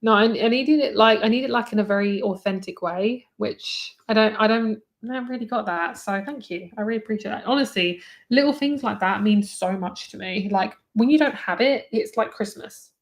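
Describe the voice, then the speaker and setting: A woman's voice: mid-range voice, moderate pace. A young British woman, a tarot reader, chatting candidly with viewers on a live stream, swearing freely and saying "like" often.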